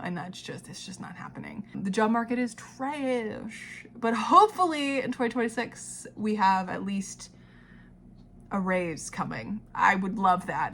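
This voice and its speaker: A woman in her twenties, vlogging casually and talking to her past self, emotional and quick to laugh and tear up. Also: mid-range voice, a bit bright, slight background noise. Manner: emotional, laughs and cries easily, swears casually.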